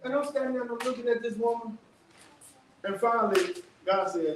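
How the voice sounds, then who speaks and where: Man, workshop speaker, lively casual storyteller; distant mic, strong room echo, noisy background. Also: very high voice, brisk. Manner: animated storytelling with casual vernacular. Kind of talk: testimony talk to an audience.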